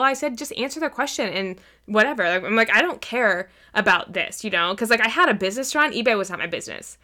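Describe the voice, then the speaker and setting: Bright-voiced woman telling stories. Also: a little high, lively intonation, quick pace, few pauses. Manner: swears freely, acts out quotes in storytelling. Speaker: podcast co-host. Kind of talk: casual chat.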